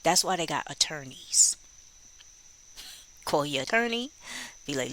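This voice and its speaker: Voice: medium pitch, expressive, measured pace, pauses often, pushed and bright, slight background noise, rough recording. A true crime commentator in casual spoken commentary, musing and rhetorical, acting out bits of quoted dialogue.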